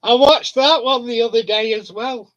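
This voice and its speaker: A man's voice: very high voice, steady tone, normal speed, fairly bright tone. A man chatting casually on a live stream, telling rambling stories with frequent chuckles. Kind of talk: casual chat with viewers.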